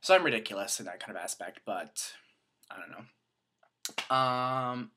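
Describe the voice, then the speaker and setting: Young Canadian guy vlogging, chatty and rambling, bright tense tone. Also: on the low side, unhurried, a little hiss or hum. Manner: chatty, rambling, self-mocking. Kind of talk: casual chat to camera.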